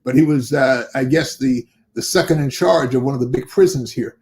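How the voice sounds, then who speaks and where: A man's voice: medium pitch, normal speed. An older man, a bishop and pastor, telling a story in an interview and acting out the dialogue of the people in it. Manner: animated storyteller who acts out quoted dialogue.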